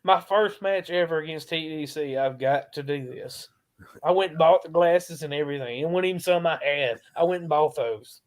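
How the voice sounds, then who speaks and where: A man guest in a casual podcast interview, an animated, slangy storyteller who laughs often. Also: on the high side, brisk. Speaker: guest wrestling promo performer.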